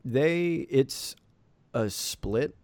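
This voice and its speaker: A man's voice: medium pitch, expressive, extremely slow, darkish tone, no echo. A man narrating a tabletop game as game master, casual and full of fillers.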